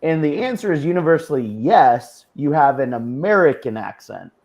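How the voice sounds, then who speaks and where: A man's voice: fairly high pitch, animated, moderate pace, a little mellow, highs cut off. Blunt, profane man in casual chat. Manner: profane, blunt, laughs often. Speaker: podcast co-host.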